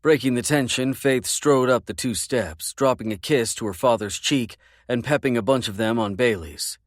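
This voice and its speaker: A man narrating a first-person romance audiobook in a measured, intimate way. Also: mid-range voice, no echo, studio quality.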